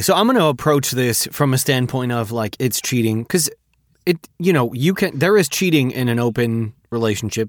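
A man's voice: mid-range voice, no room sound, studio quality. A man co-hosting a podcast, talking in a casual, blunt, profane way while giving candid advice. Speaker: podcast co-host. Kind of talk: casual chat.

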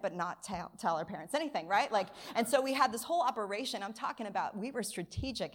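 A woman pastor with a mid-range voice is preaching at church. Her sermon includes a childhood story in which she lively acts out what people said.

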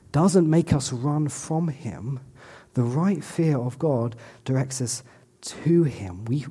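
A man's voice: fairly high pitch, mellow, husky. A man preaching a sermon in a church as pastor, earnest and direct, with playful asides and frequent restarts.

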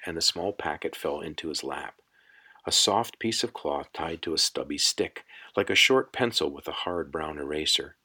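A man narrating a fantasy audiobook in a measured, unhurried storytelling manner. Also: low voice, bright, forceful tone, slightly rough. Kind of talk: scripted narration.

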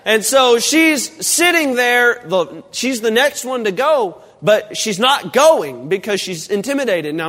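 Man, pastor, high voice, comic storytelling sermon, church hall reverb. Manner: animated, humorous storytelling.

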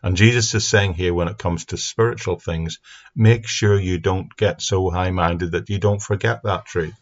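A man giving an earnest, steady Bible teaching talk into a microphone for an online audience. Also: deep voice, normal speed. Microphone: speaking into a mic. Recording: dull lo-fi sound.

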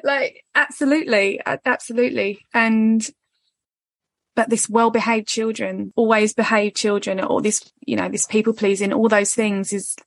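A woman's voice: medium pitch, level tone, moderate pace, creaky, dry recording. Woman, 30s, podcast host, swears freely, dry close sound. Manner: candid, swears freely, acts out quoted voices. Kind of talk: casual podcast chat.

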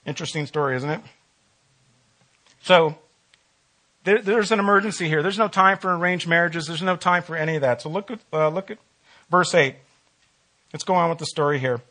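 A man preaching a sermon as a pastor, talking to his congregation in a relaxed, conversational way and often asking them questions. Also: a little high, moderate pace, long pauses.

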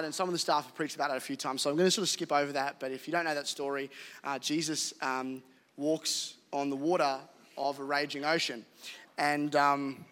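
A man with an Australian accent preaching a live sermon as pastor, animated and jokey, laughing at himself. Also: fairly high pitch. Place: church hall. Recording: live hall reverb with faint music.

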